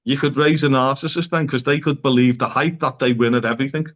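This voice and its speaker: An earnest man speaking as a psychotherapist guest on a podcast. His voice sits at an ordinary middle pitch, and he talks it through casually and keeps asking rhetorical questions. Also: steady tone, fast, a bit bright.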